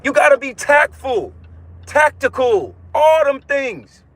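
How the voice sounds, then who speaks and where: A man's voice: extremely high pitch, expressive, takes it slowly, a bit bright, dry recording. A man hosting a casual livestream and preaching from his car, blunt and profane, with lots of restarts. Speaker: livestream host giving religious teaching. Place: inside a car.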